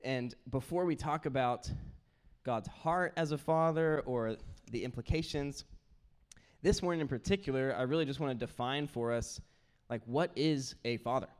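A young man preaching a sermon, telling family stories in an animated way and acting out his kids' voices. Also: mid-range voice, normal speed, clean tone. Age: young adult. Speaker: pastor.

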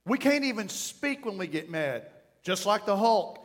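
High-voiced guy preaching in a big echoey church, animated and playful, growls some bits. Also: unhurried. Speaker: pastor. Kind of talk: sermon. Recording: long hall reverb.

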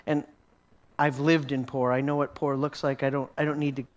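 A man's voice: mid-range voice, flat delivery, normal speed. A man teaching a sermon as a story, often repeating words as he restarts and chuckling along. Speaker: Christian teacher.

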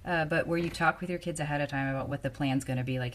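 Woman co-host, mother, very low voice, relaxed and matter-of-fact, casual chat. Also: fast, few pauses, a little hiss or hum.

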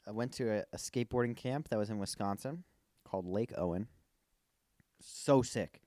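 A man's voice: lowish voice, normal speed, mellow, no room sound. A young man in casual chat, making wry, teasing remarks. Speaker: podcast co-host.

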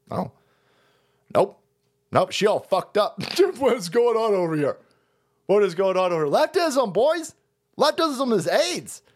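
Lively, high-pitched profane male streamer. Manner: crude, mocking, laughs often, mimics people in voices. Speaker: streamer host. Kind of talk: profane ranting commentary stream.

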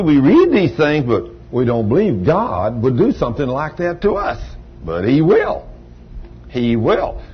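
A man's voice: fairly high pitch, dull audio, slight background noise. An older man preaching a sermon in a folksy storytelling manner, with plain everyday grammar.

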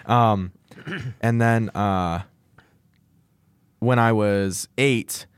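A man's voice: on the low side, very slow, clean tone, no echo, clean studio sound. A young man co-hosting a podcast, telling a long personal story in casual chat with restarts. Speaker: podcast co-host.

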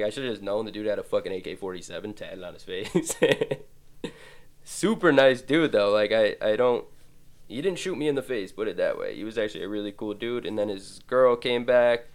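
Gravelly young man telling crude stories. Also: fairly low pitch. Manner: profane, loose, laughs through his stories. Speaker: podcast host. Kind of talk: rambling comic storytelling.

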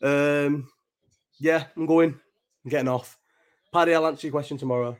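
A man's voice: on the high side, a little fast. A man, rambling and chatty and swearing freely while hosting a casual late-night live chat from home. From Bolton, England. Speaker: live stream host. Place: at home at night, child nearby.

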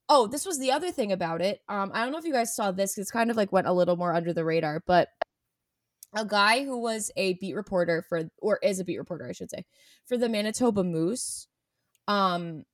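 A woman chatting casually as a podcast co-host, animated and sarcastic when she reads quotes aloud. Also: mid-range voice, no room sound, clean studio sound. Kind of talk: casual chat.

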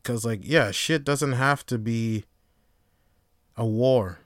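Smooth-voiced man musing on a podcast. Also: medium pitch, takes it slowly, no echo, clean studio sound. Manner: profane, rambling, reflective, swings into animated storytelling. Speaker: podcast host. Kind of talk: casual solo podcast monologue.

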